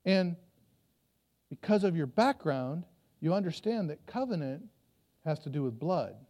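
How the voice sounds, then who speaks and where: A man's voice: on the high side, lively intonation, measured pace, mellow. A pastor preaching a sermon to a church, telling the story and acting out voices from it, often repeating his words as he goes.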